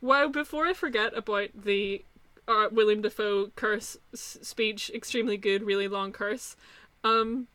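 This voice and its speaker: Bright, lively woman in dry close sound. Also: medium pitch, a little slow, dry recording. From outside North America. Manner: animated, profane, laughs often. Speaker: podcast co-host. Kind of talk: casual film discussion.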